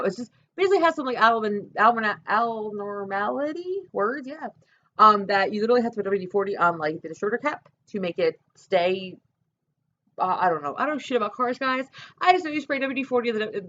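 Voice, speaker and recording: Fast-talking, foul-mouthed woman vlogging. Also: medium pitch, a bit bright, muffled recording, a little hiss or hum. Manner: profane, rambling, self-deprecating. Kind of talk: casual rambling vlog. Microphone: camera mic.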